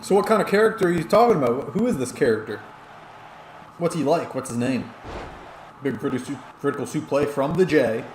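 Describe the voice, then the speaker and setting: A man's voice: on the high side, lively intonation, a little fast, darkish tone, roomy sound, slight background noise. A tipsy man streaming and giving rambling play-by-play commentary on a wrestling video game, chatting back to his viewers.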